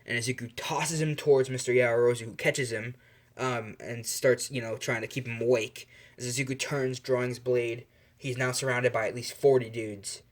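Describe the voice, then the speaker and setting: A man's voice: medium pitch, fairly even intonation, normal speed. A young man improvising a fan story aloud, rambling and correcting himself as he goes, with lots of fillers.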